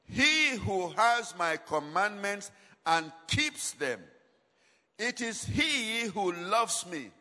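A man's voice: sits high, very animated, extremely slow, sharp tone. A man preaching a sermon, asking the congregation to finish his lines, with emphatic swings in volume. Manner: call-and-response questions to congregation; emphatic, dramatic shifts in volume. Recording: long hall reverb.

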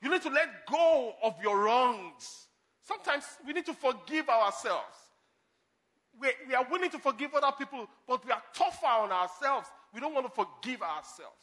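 A man preaching a sermon, animated, moving between loud emphasis and quiet asides and laughing at his own stories. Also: very high voice, normal speed. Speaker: pastor.

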